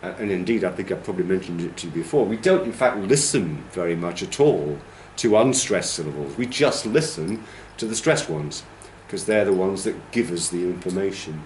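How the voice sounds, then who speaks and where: Humming and counting to show rhythms, a man who trains teachers lectures patiently in a classroom and keeps checking in with "okay?". His deep, darkish voice has lively intonation, a moderate pace, and few pauses. The echoey room adds slight background noise.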